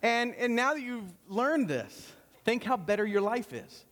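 A man's voice: very high voice, big pitch swings, a little slow, fairly bright tone, big-room sound. A man preaching a sermon to his congregation in a conversational, joking way. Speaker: pastor. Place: church sanctuary.

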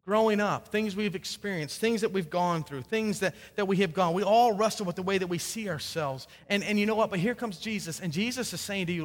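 A man preaching a sermon as pastor, earnest, swinging from emphatic peaks down to soft low endings. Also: brisk, hardly any pauses. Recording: long hall reverb.

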